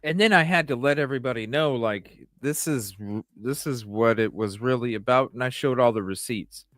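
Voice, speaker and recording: A man's voice: medium pitch, moderate pace, fairly bright tone, dry recording, studio quality, faint music behind. A man speaking as host in a heated, indignant way, emphatic and profane. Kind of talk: heated commentary.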